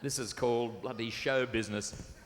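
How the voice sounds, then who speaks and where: An Australian stage entertainer speaks at a moderate pace, his medium-pitched voice fairly even, into a cabled microphone at a fair venue. He banters cheekily and chats with the audience, teasing them. Background noise, room reverb and band music are audible.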